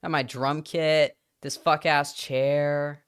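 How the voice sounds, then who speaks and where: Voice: mid-range voice, little pitch movement, slow, clear, resonant tone. A streamer from Britain with a British accent that drifts toward whoever they talk to, chatting casually to a live audience in a rambling way full of asides.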